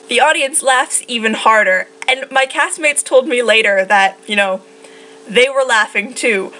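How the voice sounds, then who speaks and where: A young woman in her late teens tells a personal story straight to the camera. Her voice sits fairly high, and she talks in an animated, emotional way, with faint noise behind her. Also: rough recording. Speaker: vlogger.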